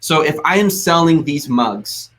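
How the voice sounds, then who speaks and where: An American man hosting a casual business webinar, upbeat and quick to laugh, answering viewer questions. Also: on the high side, lively intonation, fairly bright tone. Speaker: host.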